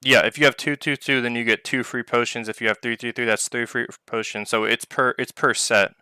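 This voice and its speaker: A man hosts a loose community Q&A over voice chat, drifting through his points with plenty of ums and uhs. His voice is bright and clean. The sound is dry and close, with no room around it. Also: mid-range voice, fairly even intonation, fairly quick, clear, resonant tone, no room sound. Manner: rambling, heavy on filler words. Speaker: project owner hosting a community Q&A. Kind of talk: casual live voice-chat Q&A. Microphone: online voice chat mic.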